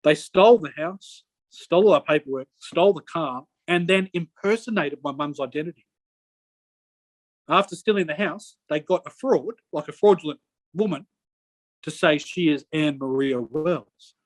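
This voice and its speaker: Answering an interviewer, a middle-aged Australian man tells his story in long, wandering stretches, often stalling and starting over mid-sentence. His voice is a little high for a man, and the audio is close and dry with no room echo.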